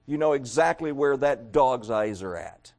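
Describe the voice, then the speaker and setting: A middle-aged man preaching a sermon, talking straight to his congregation and swinging from loud emphatic peaks to quieter asides. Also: medium pitch, expressive, a little slow. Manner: emphatic preaching with rising and falling loudness; addresses the congregation directly. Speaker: pastor.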